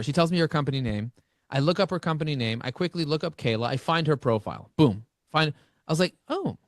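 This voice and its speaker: A man speaking as an interview guest, telling energetic stories and acting out both sides of conversations. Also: fairly high pitch, fast, no echo, clean studio sound. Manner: animated, acts out dialogue with shifting voices. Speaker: podcast guest, marketing expert.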